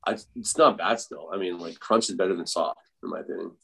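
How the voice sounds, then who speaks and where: A man's voice: sits low, fast, vocal fry, a bit bright, slightly rough. A man from Canada, a guest in a casual podcast chat, who talks bluntly and swears freely.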